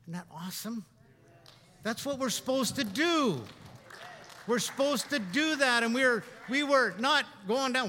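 Middle-aged Canadian pastor, high voice, conversational sermon, reverberant church hall. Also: male voice, expressive, a little slow, bright, forceful tone. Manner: conversational preaching, rising for emphasis, often repeating himself. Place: church sanctuary.

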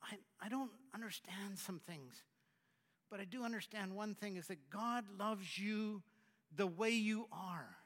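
Preaching in a large hall, this male pastor talks conversationally, his voice sitting high. He often stops and restarts, and his volume shifts from loud to hushed.

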